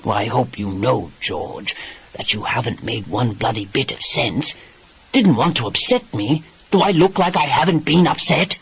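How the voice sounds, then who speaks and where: A man voicing a gruff, exasperated English lord and former pirate, with a dry and teasing English manner in an audiobook. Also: mid-range voice, lively intonation, moderate pace, a bit bright, pitched below the performer's own voice, exaggerated voice, low-quality recording. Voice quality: dry, exasperated, swears mildly.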